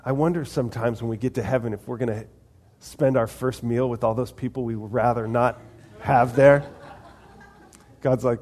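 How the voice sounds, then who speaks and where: A man's voice: medium pitch, fairly even intonation, moderate pace, a little mellow. A man preaching a conversational sermon, asking the congregation questions and acting out little dialogues. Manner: conversational, asks the audience questions, acts out voices of God and people. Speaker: pastor.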